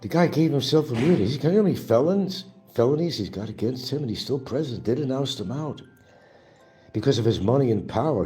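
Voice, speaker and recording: A man's voice: mid-range voice, lively intonation, fast, warm tone, faint music behind. A man hosting his own show, delivering an angry, profane and mocking monologue. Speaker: livestream host. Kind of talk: ranting political monologue.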